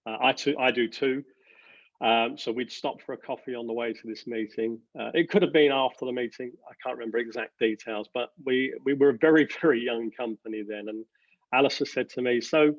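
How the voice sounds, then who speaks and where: A company director giving earnest interview answers, halting with many fillers and restarts. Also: male voice, medium pitch, no echo, lo-fi sound.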